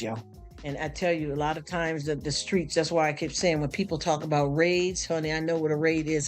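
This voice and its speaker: A man's voice: fairly high pitch, flat delivery, brisk. Emotional man chatting on a stream. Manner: emotional, sympathetic, repeats himself with many restarts. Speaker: live stream host. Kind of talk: casual live stream chat. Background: soft background music.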